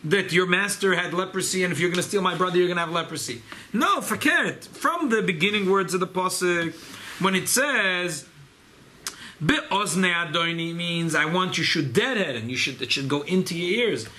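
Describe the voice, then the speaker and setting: A man teaching a Torah class to a small gathering, animated and emphatic, sprinkling in Hebrew and Yiddish terms. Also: sits high, fairly quick, a little hiss or hum. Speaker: rabbi leading a study gathering.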